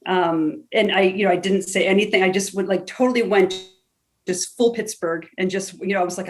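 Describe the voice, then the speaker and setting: A woman actor telling a long story on a video call, chatty and animated, acting out what people said. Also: medium pitch, quick pace. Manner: animated, chatty storyteller who acts out quotes.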